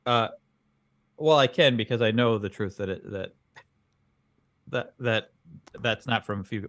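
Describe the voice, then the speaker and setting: A man's voice: on the low side, unhurried, pauses often, a bit bright, no echo, studio quality. A man co-hosting a comedy podcast as the bemused straight man, questioning his partner's absurd claims in improvised banter. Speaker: podcast co-host.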